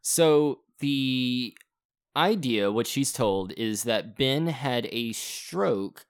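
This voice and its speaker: A man's voice: medium pitch, expressive, very slow. A man co-hosting a podcast, casually recapping a movie plot with some swearing. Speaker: podcast co-host.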